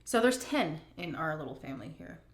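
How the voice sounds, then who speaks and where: Middle-aged woman vlogger, frank and emotional, slightly low voice, echoey room sound. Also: sing-song. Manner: candid, emotional, drawn-out emphasis. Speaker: vlogger answering viewer questions. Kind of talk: casual Q&A chat.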